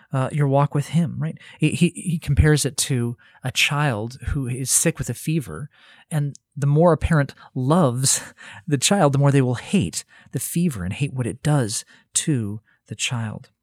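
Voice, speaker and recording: A man's voice: medium pitch, darkish tone, no room sound, studio quality. A man giving a conversational Bible teaching, earnest and thinking aloud, often restarting his phrases. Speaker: Christian teacher.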